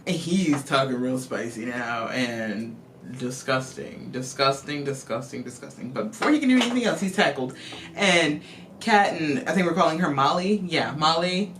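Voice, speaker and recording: A woman vlogger giving a casual, profane, animated movie recap to camera. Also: low-pitched, moderate pace, background noise.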